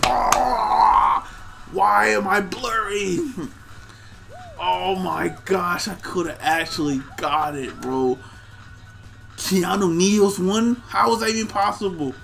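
A young man casually commenting on his own gameplay, excitable and trash-talking the other players. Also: high-pitched, slow pace, vocal fry, faint music behind. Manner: excitable, talks to himself and chat, trash-talks players. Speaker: gaming streamer.

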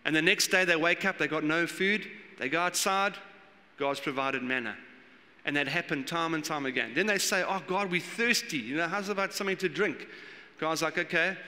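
A man preaching a sermon as pastor, animated and acting out the voices he quotes. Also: on the high side, normal speed. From South Africa. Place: church hall. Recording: long church hall reverb.

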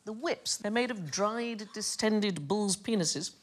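A woman's voice: mid-range voice, takes it slowly. A woman hosting a comedy panel quiz, explaining odd facts in a teasing storytelling way. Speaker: quiz show host. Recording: studio with audience noise.

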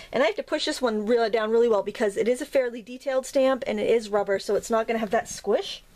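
A woman hosting a craft tutorial, chatting casually as she works, rambling with fillers and self-corrections. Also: medium pitch. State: slightly out of breath from pressing stamps.

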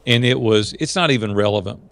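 A middle-aged man tells stories in a folksy, lively way, acting out what people said. His voice has a gravelly edge, and the sound is dry and close with no room around it. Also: lowish voice, fast, dry recording. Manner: folksy, animated storyteller acting out quotes. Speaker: podcast guest, entrepreneur. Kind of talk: storytelling in a casual interview.

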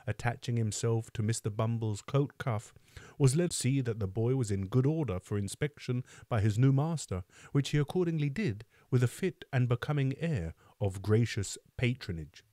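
Dark-voiced man reading a classic novel aloud. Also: mid-range voice, expressive, moderate pace, no room sound, clean studio sound. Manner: reads steadily and stops to comment on words. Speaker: book club reader.

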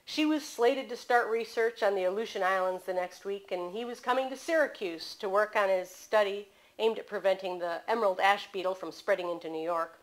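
A woman author reading aloud from her mystery novel at a bookstore, in steady storytelling narration. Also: medium pitch, a little fast, hardly any pauses, poor audio.

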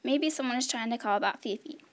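A woman reading a children's story, voicing a practical, helpful girl in a brisk, take-charge way. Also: a little high, natural voice. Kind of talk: character voice in a read-aloud story.

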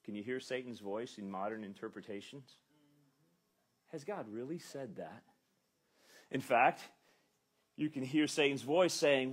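A man's voice: mid-range voice, a little slow, pauses often, slightly rough. A male pastor preaching an expository sermon with emphatic delivery, acting out the lines he quotes. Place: church.

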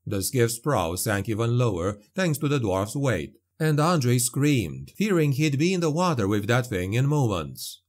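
A man reading a dark fantasy story aloud as an audiobook narrator, measured and vivid. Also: medium pitch.

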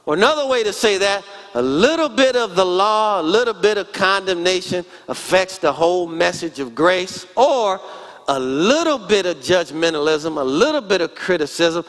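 A man's voice: sits high, fairly bright tone. A pastor in his forties preaching a sermon in church, emphatic and calling out to the congregation. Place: church sanctuary.

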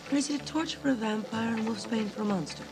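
A woman's voice: a little high, fast, close to an everyday voice, poor audio. An actress playing a glamorous, dramatic young woman in a stop-motion film. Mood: earnest. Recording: film soundtrack with loud music.

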